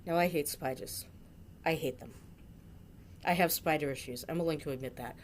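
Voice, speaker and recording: A woman's voice: low voice, normal speed. A middle-aged woman from Massachusetts telling a funny memory about a friend, with dramatic, jokey exaggeration. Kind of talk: storytelling tribute.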